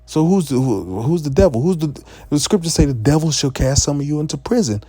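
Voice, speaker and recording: A man giving a profane, impassioned street-preaching rant, full of stammered restarts and sudden rises to near-shouting. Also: fairly high pitch, expressive, a little fast, breathy edge, no echo.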